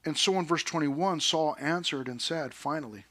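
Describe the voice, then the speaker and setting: A man preaching a sermon in a conversational, energetic way, often dropping to a hushed tone for emphasis. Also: a little high, normal speed, hardly any pauses, no room sound. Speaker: pastor.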